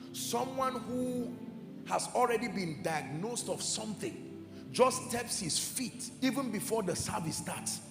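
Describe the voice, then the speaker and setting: A man preaching a sermon in an emphatic, fervent way, sometimes shouting and sometimes dropping to a hush. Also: high voice, creaky. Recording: echoey hall with music behind. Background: soft music.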